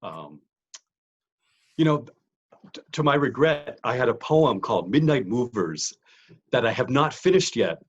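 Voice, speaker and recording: A soft-spoken man casually introducing his reading, hesitant with frequent ums. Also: medium pitch, sing-song, measured pace, pauses often, husky. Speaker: poet. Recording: muffled lo-fi sound.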